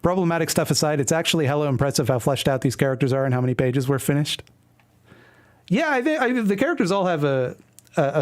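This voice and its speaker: A man streaming, reading his old webcomic aloud with wry, self-deprecating commentary. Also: mid-range voice. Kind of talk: casual commentary reading a comic.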